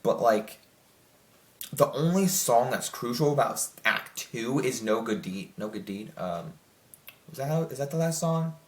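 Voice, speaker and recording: A man's voice: medium pitch, expressive, a little slow. A young man giving a casual spoken movie review, rambling with many fillers and restarts. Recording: echoey room.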